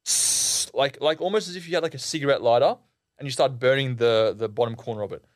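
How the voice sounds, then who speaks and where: A young man, a podcast guest, telling a story in a casual, animated and slangy way, full of "like" and "bro". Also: mid-range voice, fast, no echo, clean studio sound. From Australia.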